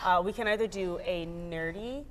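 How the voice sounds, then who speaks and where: A woman's voice: on the low side, normal speed, a loud crowd. A young adult woman who hosts a casual interview, laughs easily and gives short encouraging replies. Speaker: host.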